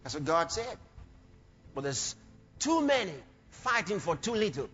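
A man preaching a sermon in an animated way, breaking into shouts and laughter. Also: high voice, measured pace. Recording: dull lo-fi sermon recording with faint music.

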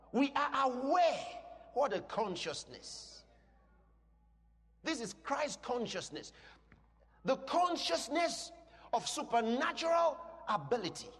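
High-voiced male preacher in a reverberant hall. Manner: emphatic, swings from quiet teaching to shouted declarations; asks the congregation questions. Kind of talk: sermon.

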